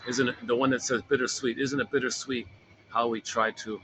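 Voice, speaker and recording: A man's voice: mid-range voice, flat delivery, fairly quick, fairly bright tone, a little hiss or hum, rough recording. A man casually coaching a self-help group, rambling and repeating himself as he explains an exercise. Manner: rambling, repeats words and restarts phrases.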